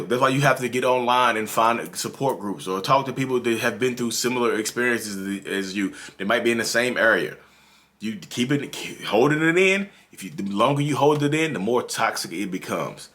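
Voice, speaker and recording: A man's voice: mid-range voice, a bit bright. A man from North Carolina with a Southern drawl, talking earnestly and repetitively to his viewers as the host of his own channel. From North Carolina, USA. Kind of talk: casual advice monologue.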